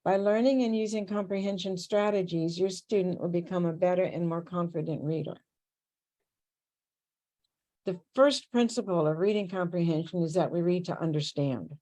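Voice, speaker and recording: A woman presenting a tutor training workshop on a video call, reading prepared material in a clear, steady, instructive way. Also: lowish voice, brisk, few pauses.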